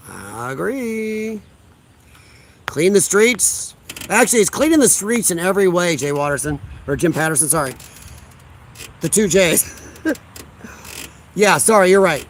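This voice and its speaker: Male livestream host from Illinois, outdoors, blunt and sarcastic, a touch high-pitched. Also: slight background noise. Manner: blunt, combative, sarcastic, chuckles while reading comments. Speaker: livestream host reading chat. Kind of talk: casual livestream chat. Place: outdoors on a deck.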